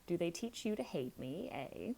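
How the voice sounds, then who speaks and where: A woman's voice: lowish voice, very animated, normal speed, vocal fry, dark tone, husky, full character voice, poor audio. A woman voicing a spiteful young man who sneers and speaks bitterly, in a bedtime storybook reading. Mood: sneering. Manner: sneering, defiant.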